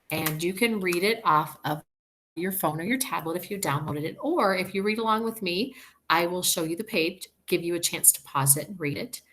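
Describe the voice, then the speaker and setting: A woman teacher leading a reading lesson for young children, talking slowly and clearly in an encouraging way. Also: fairly low pitch, a bit bright, slight background noise. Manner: slow, clear and encouraging, sounding out words.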